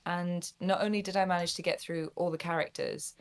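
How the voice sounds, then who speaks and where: A young woman with a slightly low voice talks about her acting work in a relaxed interview. She is bubbly and chatty and laughs often. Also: a little fast, clear, resonant tone. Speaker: guest voice actor. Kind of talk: casual interview chat.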